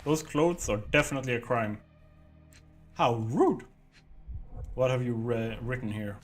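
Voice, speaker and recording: A man's voice: mid-range voice, expressive, measured pace, long pauses, faint music behind. Jokey man streaming a horror game. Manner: jokey, exclamatory asides. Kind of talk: casual gameplay commentary.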